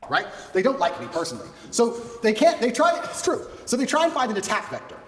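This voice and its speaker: A man's voice: very high-pitched, huge pitch swings, fast talker, a bit bright, slight background noise. A man being interviewed, delivering a boastful, emphatic monologue in repeated short lists. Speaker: interview guest. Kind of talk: combative monologue. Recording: roomy echo, distant from the mic.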